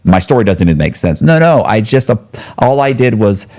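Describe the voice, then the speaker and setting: Deep, mellow-voiced man telling a story. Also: sing-song, a little fast. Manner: rambling, profane, slangy, many restarts. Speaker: interview guest. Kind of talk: casual storytelling interview.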